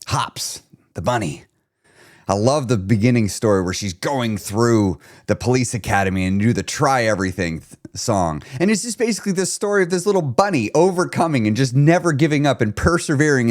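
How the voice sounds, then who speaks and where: A man who is a weight loss coach, talking in a casual solo podcast monologue, animated and emphatic, with some swearing. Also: mid-range voice, fairly quick.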